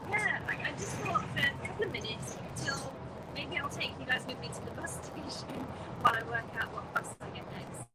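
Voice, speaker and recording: A woman's voice: high voice, lively intonation, brisk. A woman chatting casually to viewers on a phone livestream while riding a bus in traffic, rambling and greeting people by name. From England. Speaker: vlogger livestreaming. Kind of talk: casual live chat with viewers. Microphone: phone held in hand. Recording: phone audio with vehicle noise. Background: bus engine and road noise.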